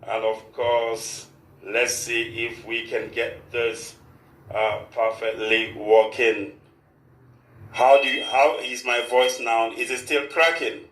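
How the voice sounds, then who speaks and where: A man's voice: medium pitch, fairly even intonation, takes it slowly, fairly bright tone. Formal radio host man, echoey room. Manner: formal, repeats "of course" often. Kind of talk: live radio talk with prayer.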